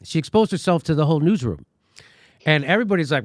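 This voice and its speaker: A man's voice: on the high side, animated, fast talker, no room sound, studio quality. A man hosting a commentary show, telling a story in a sarcastic, indignant way. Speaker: host. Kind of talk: casual commentary.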